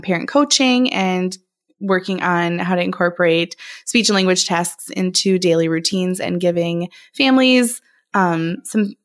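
Playful woman with a Minnesotan accent. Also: on the low side. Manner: playful, teasing. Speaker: podcast co-host. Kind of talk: casual chat.

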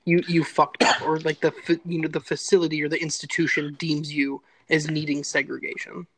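A man's voice: fairly high pitch, little pitch movement, brisk, a bit bright, low-quality recording. A man co-hosting a casual podcast, talking bluntly and with profanity, and explaining terms for listeners. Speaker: podcast co-host. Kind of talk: casual conversational storytelling.

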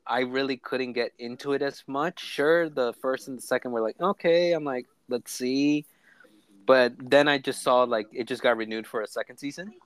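A man's voice: medium pitch, steady tone, fairly quick, few pauses, no echo. A man in a casual podcast chat, blunt and full of fillers. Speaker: podcast co-host.

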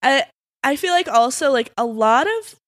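A woman podcast co-host casually retelling folk stories in a relaxed, sleepy way, with many fillers. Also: sits high, normal speed, dry recording, clean studio sound. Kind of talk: casual storytelling chat.

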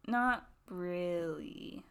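A woman's voice: fairly low pitch, extremely slow, gravelly, fairly bright tone, clean tone. A woman co-hosts a podcast from a small home studio. She chats casually, laughs often and fills her talk with "like". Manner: giggly, chatty, lots of "like". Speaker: podcast co-host. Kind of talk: casual chat.

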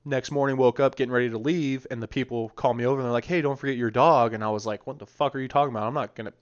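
Laid-back swearing young man, smooth voice. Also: medium pitch, fairly even intonation, rapid-fire, highs cut off. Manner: laid-back, swears freely, rambling storyteller. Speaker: podcast co-host. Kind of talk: casual chat.

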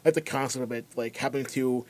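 A man's voice: medium pitch, steady tone, fast talker, a little mellow, dry recording. Easygoing male podcast guest. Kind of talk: casual chat.

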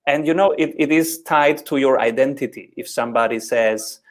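This is a man with an Italian accent, hosting a podcast conversation in a voice of ordinary pitch. He speaks thoughtfully and often repeats words while he searches for the right phrasing. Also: moderate pace. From Italy. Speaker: podcast host. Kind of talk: interview conversation.

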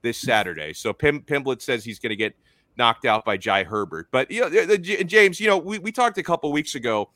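A man's voice: mid-range voice, lively intonation, fairly quick, sharp tone, dry recording. A man hosting a sports talk show, chatting loosely with lots of restarts. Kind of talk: casual sports chat.

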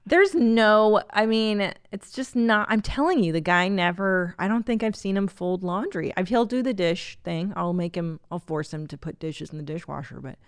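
A woman's voice: mid-range voice, moderate pace, hardly any pauses, clean tone, dry recording, studio quality. A middle-aged woman hosting a casual podcast, reading a listener email aloud and chatting with candid, profane humor. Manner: candid, animated, profane, laughs often. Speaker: podcast host.

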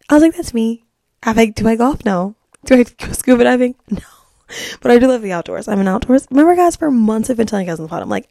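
A young woman hosts her own podcast in casual chat. She tells a story in a gossipy, rambling way, full of "like"s. Her voice is dark and relaxed with a gravelly fry, and the sound is dry and close. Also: on the high side, dry recording. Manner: chatty, gossipy storytelling with many "like"s. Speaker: podcast host.

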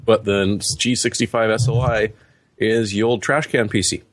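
A man's voice: fairly low pitch, steady tone, normal speed. A man on a tech podcast, running through product specs with dry jokes in casual chat. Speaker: podcast host.

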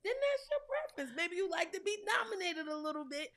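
A woman's voice: very high voice, sing-song, quick pace, fairly bright tone. A woman co-hosting a casual reaction chat, playful and teasing, laughing often. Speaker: podcast co-host.

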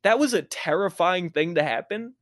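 A man's voice: high voice, moderate pace, no room sound, studio quality. Young man telling a wild story. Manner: profane, laughing, animated anecdote telling. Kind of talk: casual storytelling chat.

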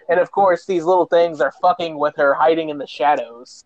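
A man with a fairly high voice tells a movie plot with a lot of swearing and lively energy, jumping into the characters' lines. The recording is dull and lo-fi. The room sounds completely dry. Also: fairly quick, dry recording. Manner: profane, animated storyteller, acts out quotes. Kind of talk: casual movie recap.

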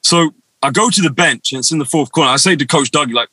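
Bright-voiced man telling animated anecdotes. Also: fairly high pitch, fast talker, slightly rough, dry recording, poor audio. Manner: animated, rambling anecdotes with quoted dialogue. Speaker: guest. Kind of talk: casual storytelling on a video chat.

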